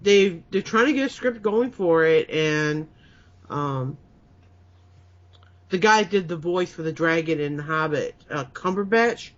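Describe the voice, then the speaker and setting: Male co-host, higher voice, dry wit, muffled lo-fi sound. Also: lively intonation, unhurried. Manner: dry, joking. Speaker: podcast co-host. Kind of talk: casual chat. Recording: dull lo-fi podcast audio.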